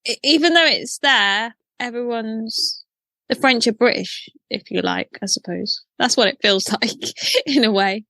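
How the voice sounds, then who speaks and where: Woman co-host, sharp bright tone, dry close mic, hesitant chatter. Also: a little high, a little slow, gravelly, dry recording. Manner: hesitant, rambling with fillers. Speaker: podcast co-host. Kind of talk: casual review chat.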